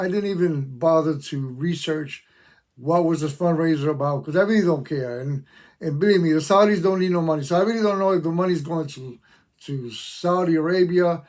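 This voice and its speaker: Ranting to camera about his opinions, this older veteran speaks emphatically and repeats points for his channel's audience. His voice sits on the high side with a darkish tone.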